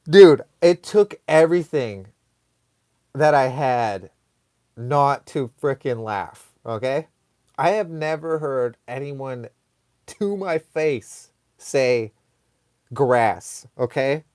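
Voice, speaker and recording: A man hosting a live online show, telling a comic story casually in a rambling, animated way full of fillers. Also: mid-range voice, slow pace, no echo, clean studio sound.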